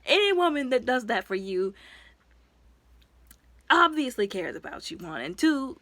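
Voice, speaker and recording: A woman giving a casual, rambling recap of a movie as a reviewer. She talks in a lively, expressive way, full of asides and fillers. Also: measured pace, no room sound. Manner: lively and expressive, with sudden jumps in pitch and loudness.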